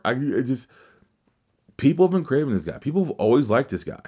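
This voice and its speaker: A man's voice: medium pitch, very animated, brisk, slightly rough, muffled recording. A man hosting a casual wrestling podcast, rambling through his opinions, swearing freely and restarting sentences. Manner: rambling, profane, with restarts and mimicked quotes. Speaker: podcast host.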